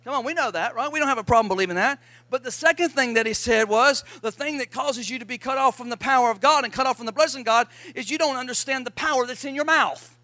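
A man's voice: extremely high pitch, fast talker, few pauses, pushed and bright, no room sound. A man pastor preaching a sermon, emphatic and calling out to his congregation for responses.

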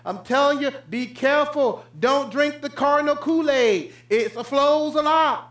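A male pastor preaching a sermon, swinging between loud, raised declarations and low, hushed asides. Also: normal speed, reverberant.

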